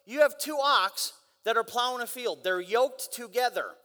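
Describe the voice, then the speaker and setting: A young man giving an energetic guest sermon in a church, driving his points with rhetorical questions and mock voices. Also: very high-pitched, moderate pace. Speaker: guest preacher. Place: large church hall. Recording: long church hall reverb.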